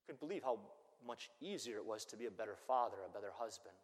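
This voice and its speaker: A man, a Catholic priest, preaching a sermon and telling stories in an animated way. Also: lowish voice, fast. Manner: animated storytelling that acts out the people it quotes. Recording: long church-hall reverb.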